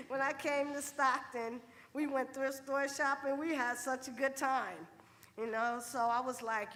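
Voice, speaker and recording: A middle-aged woman speaks at a funeral in a chatty, rambling way with a high-ish, bright, forceful voice. Her words ring out with a long hall reverb, and a faint hum of room noise sits underneath. The tone stays informal and personal. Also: measured pace. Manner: chatty, conversational, full of "you know". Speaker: eulogy speaker. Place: funeral home chapel.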